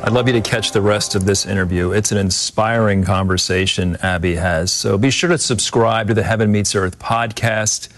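A man presenting a feature in polished, measured scripted narration. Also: lowish voice, no echo. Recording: music bed underneath.

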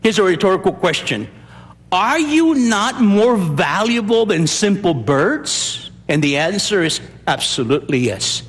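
An older man preaching a sermon as pastor, emphatic and animated, asking rhetorical questions. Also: high-pitched, unhurried. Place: church. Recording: long hall reverb.

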